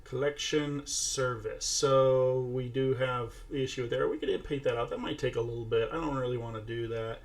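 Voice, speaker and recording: Casual tutorial host, male, mid pitch, gravelly texture, chatty. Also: normal speed, few pauses. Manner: chatty, narrating each step while talking to a toddler. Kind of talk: casual screen-share tutorial.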